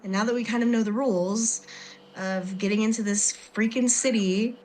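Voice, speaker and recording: A woman's voice: fairly high pitch, steady tone, normal speed, a little mellow, slight background noise, low-quality recording. A woman playing a tabletop game, speaking in character in a chatty, rambling way. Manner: chatty and rambling, with many I means. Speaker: player.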